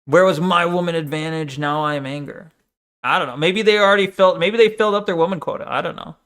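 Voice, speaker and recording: High-voiced sarcastic male streamer. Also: fairly even intonation, quick pace, a bit bright. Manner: sarcastic, rambling, mocking mimicry. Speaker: streamer reacting to a debate video. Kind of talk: casual reaction commentary.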